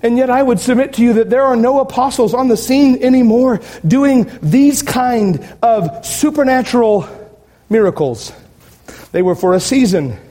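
A man's voice: extremely high pitch, lively intonation, moderate pace, warm tone. A male pastor preaching a sermon, emphatic and fired up, with sarcastic asides.

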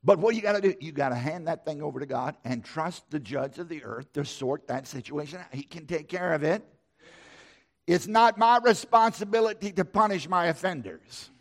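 A man's voice: fairly high pitch, moderate pace. A middle-aged man preaching a sermon, emphatic and repetitive, with a preacher's cadence. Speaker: pastor.

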